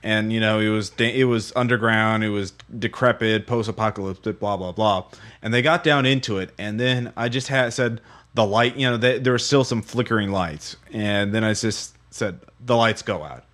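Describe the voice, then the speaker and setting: A man hosting a podcast in relaxed, casual chat, swearing freely. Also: fairly low pitch, moderate pace. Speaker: podcast host.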